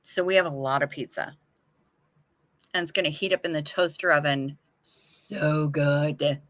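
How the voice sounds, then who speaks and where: A woman's voice: low voice, a little fast, a bit bright, no echo. A woman hosting a casual livestream, chatting frankly and swearing freely as she answers viewer comments. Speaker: livestream host.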